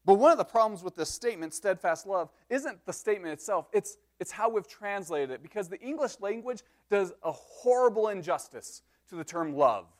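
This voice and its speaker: A man with a notably high voice preaches to his congregation. He teaches through a psalm point by point and breaks it up with light joking asides. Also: lively intonation, normal speed, hardly any pauses. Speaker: pastor. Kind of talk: sermon.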